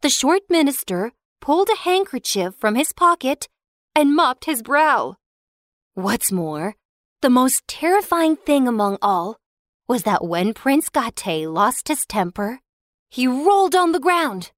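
A woman tells a children's storybook tale in a slow, expressive way. Her high voice swoops up and down, and the recording is dry and close. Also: no echo. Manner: expressive, slow, sing-song.

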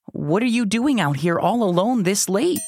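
A calm, kindly dog sheriff. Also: female voice, mid-range voice, normal speed, slightly rough. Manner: calm, instructive. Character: kind dog sheriff, patient and protective. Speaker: safety teacher.

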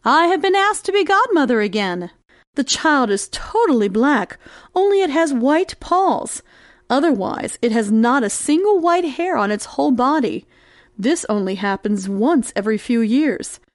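A woman voicing a greedy, sly cat in a read-aloud storybook, speaking coolly and smoothly. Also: sing-song, measured pace, no room sound, studio quality. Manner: low, cool and smooth-talking. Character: greedy, sly she-cat, cool and scheming.

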